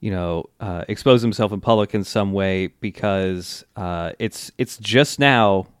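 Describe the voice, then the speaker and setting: A man's voice: on the low side, unhurried, clean tone, dry recording, studio quality. A man co-hosting a casual podcast, recapping an anime in a laid-back way, laughing often and leaning on loose fillers. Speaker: podcast co-host.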